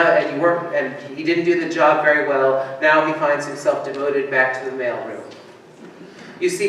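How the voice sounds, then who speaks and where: A male pastor preaching a sermon and telling stories with lively delivery, now and then acting out the people he quotes. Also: on the high side. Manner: animated storytelling, acting out quoted voices. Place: church sanctuary. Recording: echoey church from far off, with faint hiss.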